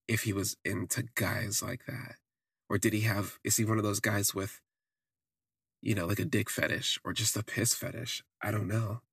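A man with a gravelly, husky, lowish voice tells a candid personal story for his podcast. He rambles, leaning on "like" as he goes, and the sound is dry and close. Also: a bit bright, no echo. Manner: rambling, with frequent "like" fillers. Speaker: podcast host.

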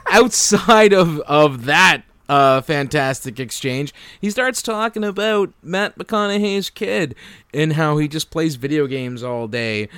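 A man chatting casually about a movie with friends, rambling with restarts and quick laughs. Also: a little high, fairly bright tone, clean tone, no room sound. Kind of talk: casual movie review chat.

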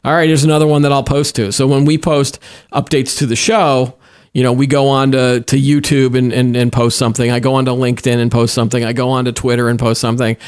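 A man's voice: mid-range voice, flat delivery, a little fast, a little mellow. A middle-aged man co-hosting a podcast in casual tech chat, rambling with many restarts and fillers. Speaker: podcast co-host.

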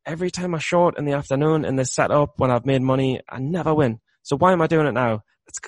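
Man, gravelly voice, dry close sound, rambling, repeats himself. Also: mid-range voice, no echo. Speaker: trader. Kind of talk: candid conversation about trading mindset.

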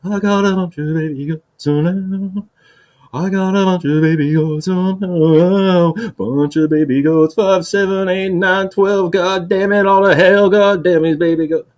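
A man's voice: sits high, steady tone, unhurried, a little mellow, pitched above the performer's own voice. A man singing a comic song in an impression of a swaggering 1950s rock-and-roll crooner, a little off-key. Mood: crooning. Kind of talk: sung impression of a famous singer.

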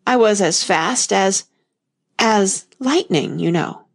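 A woman's voice: mid-range voice, animated, slow, gravelly, full character voice. Woman reading as an earnest, bumbling old knight. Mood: solemn. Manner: earnest, solemn, rambling. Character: bumbling gentle old male knight inventor. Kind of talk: audiobook character reading.

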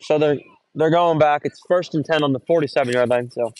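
A young man doing casual, rambling play-by-play of a high school football game outdoors, recorded on a phone, often correcting himself and getting excited on big runs. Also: fairly quick, no room sound. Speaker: play-by-play announcer.

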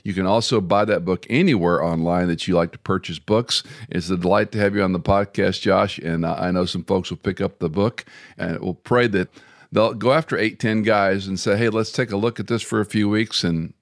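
Folksy low-voiced male podcast host. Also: moderate pace, no echo, clean studio sound. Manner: folksy storyteller, animated when quoting others. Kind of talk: podcast interview conversation.

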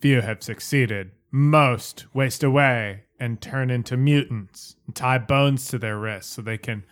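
A man voicing a matter-of-fact mutant scavenger leader in a casual, deadpan way. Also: medium pitch, measured pace, close to an everyday voice.

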